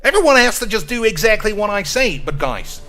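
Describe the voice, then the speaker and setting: Man impersonating a whiny streamer, pleading and ranting, bright voice. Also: medium pitch, lively intonation, measured pace, soft background music. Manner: whining, pleading, then ranting. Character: whiny male streamer begging for tips.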